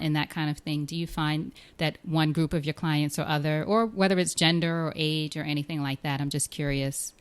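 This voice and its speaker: A woman's voice: low-pitched, fairly even intonation, fairly quick, hardly any pauses, smooth. A woman hosting an interview, asking curious, friendly questions. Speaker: podcast host. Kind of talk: casual interview conversation.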